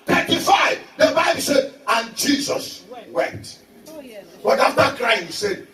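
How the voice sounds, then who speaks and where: A male pastor preaching a sermon, telling funny stories and often breaking into shouts. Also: very high-pitched, sing-song, measured pace, slight background noise. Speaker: visiting pastor. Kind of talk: sermon with humorous storytelling. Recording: echoey church hall, mic at a distance. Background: congregation responding.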